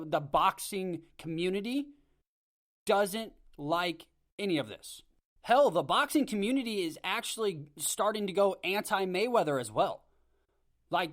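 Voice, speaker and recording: A man's voice: high-pitched, a bit bright. A man hosting his own podcast, giving a casual, opinionated rant on a home microphone. He rambles, restarts often, and talks with blunt conviction. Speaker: podcast host. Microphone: home podcast mic.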